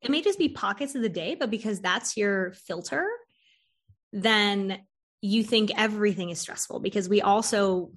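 A woman's voice: medium pitch, normal speed. A woman hosting an interview, chatting casually and animatedly telling stories about her therapy clients, acting out their lines and laughing often. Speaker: podcast host and therapist.

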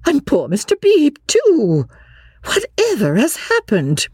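A woman's voice: high-pitched, huge pitch swings, slow, darkish tone, dry recording, studio quality, pitched above the performer's own voice, exaggerated voice. A woman reader voicing a flustered, genteel older mother who exclaims fussily. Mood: shocked. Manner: exclaiming, fussy.

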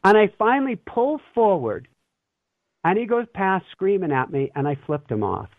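A man's voice: sits high, sing-song, normal speed, dry recording. A man guesting on an interview, telling stories earnestly and with energy, laughing now and then. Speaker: interview guest, spiritual teacher. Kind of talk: animated conversational storytelling. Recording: tinny phone-like line, dry.

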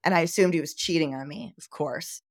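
A woman from the southern United States tells her story as a podcast guest, her voice a little low and sitting close in a dry, dead room. She talks candidly and with feeling. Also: brisk, vocal fry, no echo. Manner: candid, animated retelling with quoted dialogue and laughs. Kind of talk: personal storytelling interview.

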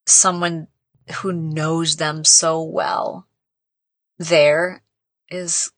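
A woman's voice: low-pitched, level tone, drawn-out words, a bit bright, no room sound. A woman hosting a podcast and telling a personal story in a casual, heartfelt, rambling way, with lots of "like". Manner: heartfelt, rambling, heavy use of "like". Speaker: podcast host.

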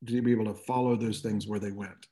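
A man's voice: on the low side, fairly even intonation, fast, dark tone. A middle-aged man talking reflectively as an interview guest, with frequent "you know" asides. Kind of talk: conversational interview.

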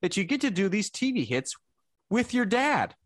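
Gushing middle-aged woman fan, done by a man in a high falsetto, excitable. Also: moderate pace, no echo, studio quality. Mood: surprised.

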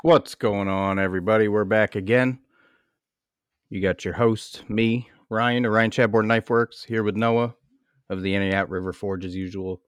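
A man's voice: on the low side, fairly even intonation, moderate pace, smooth, no room sound, clean studio sound, soft background music. A man hosting a podcast, chatting casually in laid-back, jokey banter. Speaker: podcast host.

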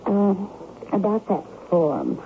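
Brief: sweet devoted young colleague, 1970s radio play. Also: female voice, mid-range voice, huge pitch swings, takes it slowly, slight background noise, full character voice. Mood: earnest. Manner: earnest and tender. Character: gentle, admiring young woman coworker. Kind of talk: 1970s radio drama acting. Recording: tinny old radio broadcast.

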